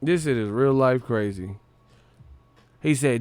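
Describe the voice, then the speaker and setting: A man's voice: medium pitch, slow pace, a little mellow, clean tone, dry recording. A man hosting a casual boxing live stream, mocking and profane, laughing often between his jabs.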